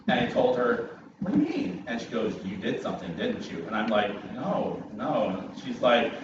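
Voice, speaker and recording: A man, a guest preacher, opening a sermon with an animated, self-mocking personal story. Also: mid-range voice, a little slow, heavy background noise. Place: church sanctuary. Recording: distant, muffled, echoey church hall with ambience.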